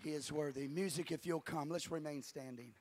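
A man pastor preaching a sermon to his congregation in a church, shouting at the peaks and dropping to a quiet, conversational storytelling voice in between. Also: a little high, brisk, a little hiss or hum.

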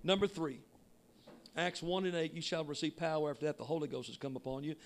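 A man preaching a sermon with emphatic shouting that drops to quiet asides. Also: a little high, steady tone, quick pace. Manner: shouting, emphatic, swinging between loud and quiet. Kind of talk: Pentecostal sermon.

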